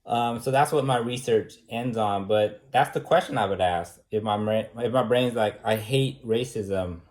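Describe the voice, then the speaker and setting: A man's voice: mid-range voice, normal speed. A man teaching a debate class in an informal, talky way, firing off repeated rhetorical questions and using casual fillers.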